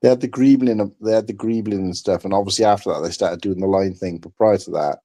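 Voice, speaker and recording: A man from the United Kingdom co-hosting a casual livestream chat, telling animated stories and swearing freely. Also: lowish voice, fast talker.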